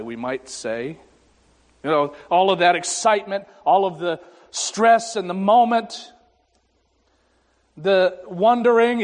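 A man preaching a sermon as pastor, pausing dramatically and voicing scripture and God's words with rising emphasis. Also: high-pitched. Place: church sanctuary. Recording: long hall reverb.

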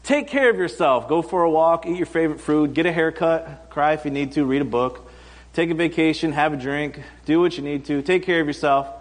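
A man's voice: a little high, brisk. Storytelling man preaching in a reverberant hall. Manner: conversational storytelling with comic quoted voices. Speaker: pastor. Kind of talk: sermon.

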